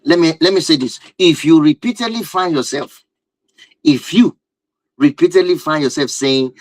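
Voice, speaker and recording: A man's voice: on the high side, normal speed, dry recording, rough recording. A man giving a live-stream talk on relationships and marriage, emphatic and driving his points home with repeated rhetorical questions.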